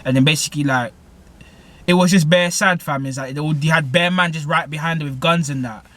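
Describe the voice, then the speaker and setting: A movie reviewer with a slightly high, somewhat bright voice talks briskly through a film's plot in a casual recap. He rambles in heavy slang, packing in fillers and repeating "basically" and "innit."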